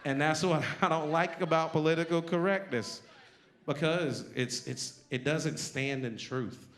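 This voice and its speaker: A man's voice: fairly high pitch, a little slow, a bit bright. A male stand-up comedian performing a live set with a brash, punchy, conversational delivery. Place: live comedy venue with an audience.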